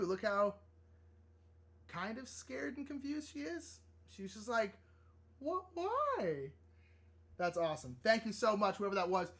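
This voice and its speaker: A man hosting a live drawing stream, chatting casually and rambling, easily excited and flustered. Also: high-pitched. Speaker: livestream artist host. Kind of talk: casual livestream chat while drawing.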